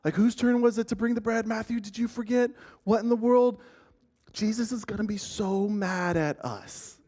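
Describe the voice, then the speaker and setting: A man's voice: sits high, normal speed, mellow, pitched above the performer's own voice. A man acting out a group of panicking male disciples who blame each other over forgotten food. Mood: panicked. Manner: flustered, blaming each other.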